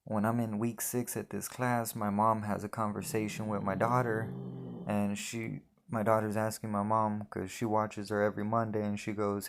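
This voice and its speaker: A young man giving an emotional personal testimony, earnest and halting, often repeating his words. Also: fairly low pitch, level tone, vocal fry, slight background noise.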